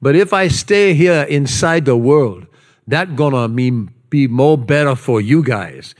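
A man's voice: mid-range voice, lively intonation, measured pace, close to an everyday voice. A man reading scripture in a put-on Hawaiian Pidgin accent, playful and lilting.

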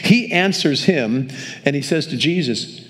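An older man, a pastor, delivers a sermon to his congregation in church, his voice slightly high, bright and expressive at a measured pace. He tells stories conversationally and often restarts and repeats words.

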